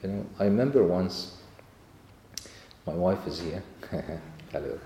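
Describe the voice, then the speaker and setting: A man's voice: deep voice, lively intonation, unhurried, a crowd in the background. A man answering questions after a sermon, telling rambling stories with laughter, recorded in an echoey hall. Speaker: church speaker.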